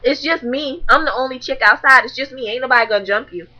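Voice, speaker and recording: A young woman tells a story to her webcam, blunt and profane, with a bright, somewhat high voice. The sound is dull and lo-fi, like a cheap built-in mic. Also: fast talker. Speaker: vlogger. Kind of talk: casual storytelling to camera.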